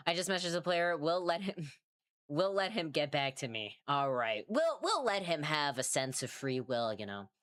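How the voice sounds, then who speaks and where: A low-pitched woman talking over her drawing stream, her voice swinging widely up and down. She rambles and mocks herself, swears freely, and sounds worn out. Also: big pitch swings, normal speed, a bit bright. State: tired. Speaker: artist streamer. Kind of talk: casual livestream chat while drawing.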